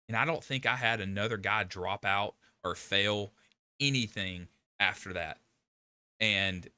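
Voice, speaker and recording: Older male stream host, rambling and emphatic, tense bright delivery, dry close sound. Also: low-pitched, clean tone, no room sound. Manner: rambling, emphatic, with frequent restarts and laughs. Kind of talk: casual live stream chat.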